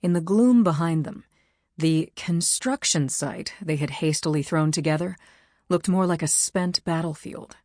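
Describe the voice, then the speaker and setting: Low-voiced woman narrating an audiobook. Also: unhurried, a little mellow, dry recording, studio quality. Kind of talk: scripted narration.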